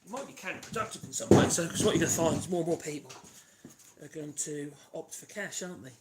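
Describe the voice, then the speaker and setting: A man's voice: on the high side, quick pace. A man with a Norfolk accent, hosting a live woodworking stream, chatting loosely and humming to himself while he works. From Norfolk, East of England. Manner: rambling, hums and chats while working. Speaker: woodworking channel host. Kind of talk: casual live workshop demonstration. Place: home workshop. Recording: noisy workshop livestream. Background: sanding and tool noise.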